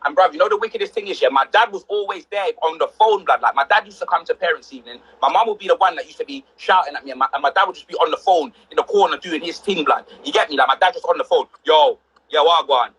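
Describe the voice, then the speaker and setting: A young man, telling animated stories on a livestream, full of street slang and acted-out quotes. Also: on the high side, rapid-fire, few pauses, husky, low-quality recording. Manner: slang-heavy, excitable, acts out quotes. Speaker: livestream host.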